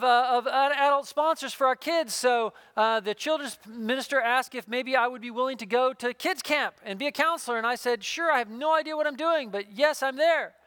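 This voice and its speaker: High-voiced man preaching a sermon. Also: smooth, dry recording. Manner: earnest storytelling preacher, drops to a hushed voice for intimate moments. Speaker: pastor.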